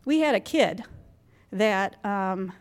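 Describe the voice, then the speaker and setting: A woman's voice: medium pitch, a little mellow, big-room sound. A woman in her fifties giving a candid, self-mocking talk to a group of mothers in a church gym, laughing often. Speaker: guest speaker at a moms' group. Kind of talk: personal talk to an audience.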